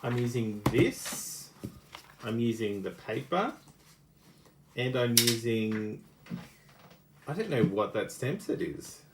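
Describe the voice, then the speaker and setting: A man's voice: mid-range voice, sing-song, slow, long pauses, echoey room, background noise. A man co-hosting a casual craft stream, reading viewer comments aloud with dry, understated remarks. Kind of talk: casual live craft demo.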